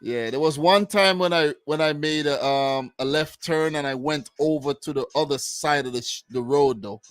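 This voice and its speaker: A man's voice: on the high side, moderate pace, no echo. A young man with a New York accent hosting a casual football chat, laid-back and slangy, often repeating himself. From United States. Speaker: football podcast host.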